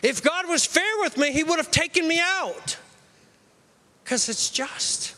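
A male preacher with a high, bright voice delivers an animated, story-driven sermon. His delivery swings between lively and hushed. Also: unhurried.

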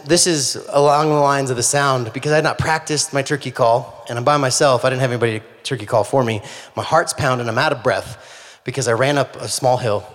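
A man preaching a sermon, telling a humorous story in an animated way. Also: medium pitch. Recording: long hall reverb.

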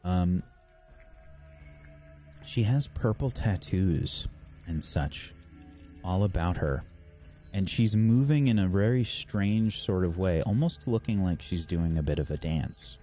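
A man narrating as game master, setting scenes in an unhurried, descriptive way. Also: low-pitched, lively intonation, warm tone, soft background music.

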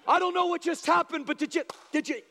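Fervent male preacher, strikingly high pitch, booming church reverb. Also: fast. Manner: impassioned, rising to shouted appeals. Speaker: pastor. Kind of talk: sermon. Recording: long hall reverb.

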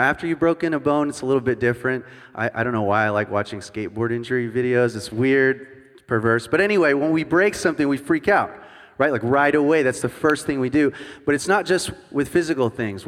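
A man in his thirties delivers a sermon as a guest worship pastor, mixing personal stories with self-deprecating jokes for the congregation. His voice sits at a middle pitch, and a long reverb from the large church hall trails his words. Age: 30s. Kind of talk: sermon with humorous storytelling. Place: church sanctuary before a congregation.

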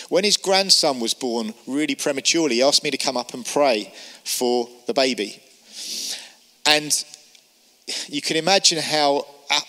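Male pastor, middle-aged, lively storytelling sermon, long church reverb. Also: medium pitch. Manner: lively storyteller, quotes people in character.

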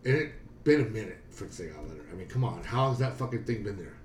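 A man's voice: on the low side, lively intonation, fast talker, distant mic. A middle-aged man telling a story in casual podcast chat, swearing constantly and repeating himself. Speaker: podcast co-host. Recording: roomy, from off-mic, faint background noise.

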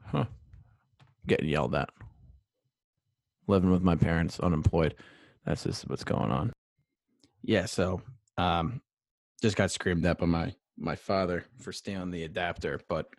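A man's voice: deep voice, a little slow, vocal fry, pauses often, no echo. A young man hosting his own sports podcast alone, rambling casually with lots of fillers and wry asides about himself. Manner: rambling, filler-heavy, self-deprecating. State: out of breath. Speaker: solo sports podcast host. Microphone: USB microphone.

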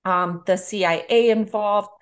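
Animated middle-aged woman retelling a film. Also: mid-range voice, a little slow. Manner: animated storyteller, acts out quotes. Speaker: podcast co-host. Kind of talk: casual movie-review chat.

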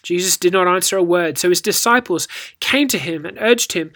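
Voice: mid-range voice, a little fast, a bit bright. Teacher telling a story. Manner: storytelling, rhetorical, reads scripture with acted inflection. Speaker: Bible teacher. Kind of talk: scripted Bible devotional talk.

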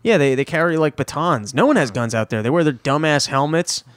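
A man chatting casually as a podcast host, laying out a scenario in an animated way. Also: a little high, a little fast, clean tone, no room sound, studio quality. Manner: animated storytelling, sets up bits. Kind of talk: casual chat.

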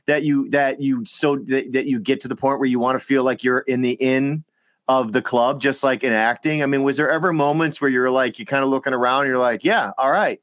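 A man hosting an interview, asking questions in a halting way that repeats words. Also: medium pitch, steady tone, a bit bright, no echo, studio quality. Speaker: podcast host. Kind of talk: casual interview chat.

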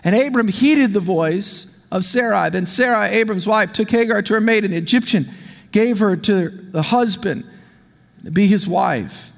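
Pastor guy preaching, pretty high voice, big echoey church sound. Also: normal speed, vocal fry. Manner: animated preaching with call-and-response. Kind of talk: sermon. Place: church sanctuary. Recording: long hall reverb.

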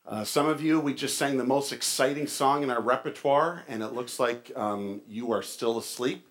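A man's voice: medium pitch, normal speed, few pauses. A man as pastor, giving a casual sermon with a joke and church announcements, chatty with fillers and restarts.

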